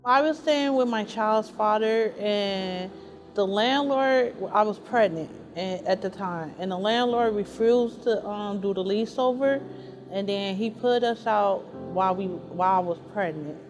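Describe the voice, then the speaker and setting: A woman's voice: mid-range voice, unhurried, faint music behind. A woman from Chicago speaking earnestly and emotionally in a documentary interview, often repeating herself. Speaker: interviewee, mother seeking housing.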